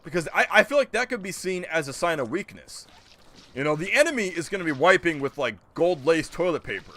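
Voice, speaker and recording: Animated, lively male game streamer. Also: fairly high pitch, a little fast. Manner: incredulous, joking rants, answers chat. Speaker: gaming streamer. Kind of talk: casual live-stream chat.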